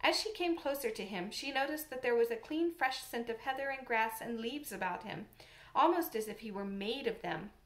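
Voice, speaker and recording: A woman reads a classic storybook aloud, measured and expressive, her voice set a little high. A roomy echo lingers behind each phrase. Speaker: audiobook narrator. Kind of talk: storybook narration.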